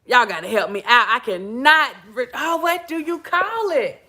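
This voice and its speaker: This middle-aged woman's voice is high-pitched and sharp, with lively intonation and a moderate pace. She hosts a podcast, telling her viewers casual stories in a chatty way, laughing frequently and addressing them as y'all.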